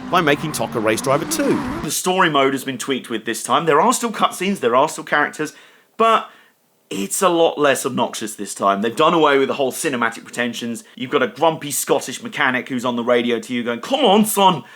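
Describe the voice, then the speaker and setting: A man's voice: mid-range voice, a bit bright, dry recording. A man narrating a scripted video game retrospective, with wry, sarcastic asides.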